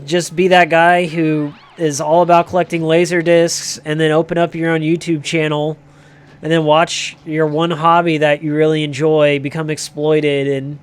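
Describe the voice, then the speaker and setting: A man's voice: on the high side, clean tone. A man hosting a livestream who rambles through a sardonic, profane comic rant. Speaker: livestream host.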